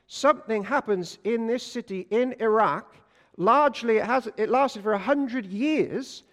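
A man preaching a sermon, an energetic storyteller who swings between loud and hushed. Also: high-pitched. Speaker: pastor. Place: church. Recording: long church reverb.

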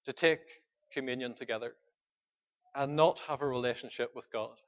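A man's voice: mid-range voice, normal speed, muffled recording. A man preaching a sermon, earnest and pleading, putting questions to the congregation. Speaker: pastor.

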